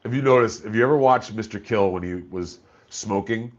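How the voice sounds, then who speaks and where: A man's voice: lowish voice, a little fast, lo-fi sound. A man chatting casually on a live stream, laid-back and profane, reading chat messages aloud.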